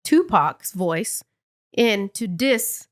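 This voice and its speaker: A woman co-hosting a podcast in casual chat, explaining things in quick, chatty bursts full of fillers like "like.". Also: mid-range voice, big pitch swings. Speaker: podcast co-host.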